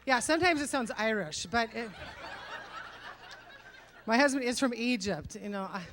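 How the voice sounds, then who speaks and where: This middle-aged comedian delivers her stand-up routine with self-deprecating punch, firing off rhetorical asides to the crowd. She pitches a bit high, her intonation is lively, and her tone is fairly bright.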